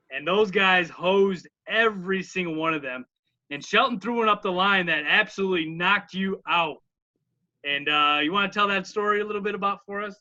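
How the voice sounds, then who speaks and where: A man co-hosting a baseball podcast, chatting with enthusiasm and asking quick questions. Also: sits high, sharp tone. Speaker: podcast co-host. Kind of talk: casual chat. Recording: dull, lo-fi podcast audio.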